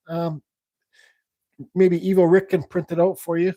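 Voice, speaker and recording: Mellow-voiced man chatting while he carves. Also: high-pitched, level tone, a little slow, pauses often, dry recording. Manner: rambling, thinks aloud while working; reads viewer questions aloud. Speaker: woodcarving livestream host. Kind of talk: casual live demonstration chat.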